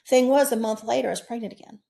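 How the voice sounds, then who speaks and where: A woman in her sixties, interviewed as a guest, earnestly recounts her own near-death experiences. She speaks fast with a creaky voice and fairly even intonation, broken by sudden high, loud bursts.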